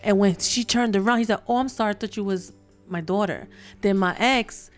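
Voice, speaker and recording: A woman's voice: mid-range voice, a little fast, faint music behind. A woman with a New York accent co-hosting a casual chat, telling personal stories and acting out the people in them. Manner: animated storyteller, acts out quoted voices. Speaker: co-host.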